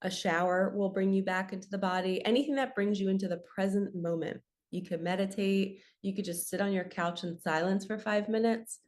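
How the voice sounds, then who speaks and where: A young woman talks straight to her viewers as a spiritual coach. Her tone is earnest and chatty, with a casual "you guys" and "like" running through it. Her voice sits at a middle pitch. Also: steady tone, brisk, hardly any pauses, darkish tone. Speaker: spiritual coach and channel host. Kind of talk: solo motivational talk.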